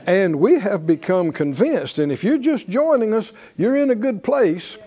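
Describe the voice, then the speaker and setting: High-voiced preacher man leading a congregation. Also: expressive, normal speed, warm tone. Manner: leads audience in repeated responses; emphatic, rhythmic reading of scripture. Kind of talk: sermon with call-and-response.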